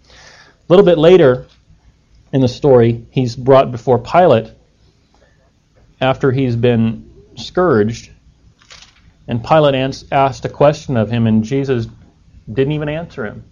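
A man delivers a sermon at a mid pitch, talking to his listeners as if in conversation. He often turns to them with rhetorical questions. The recording sounds dull and lo-fi. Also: moderate pace, long pauses, mellow. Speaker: preacher.

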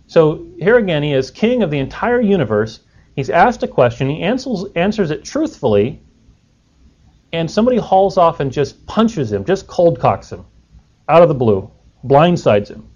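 A man's voice: on the high side, very animated, normal speed, darkish tone. A man preaching a sermon in a conversational way, putting rhetorical questions to his listeners. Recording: dull lo-fi recording.

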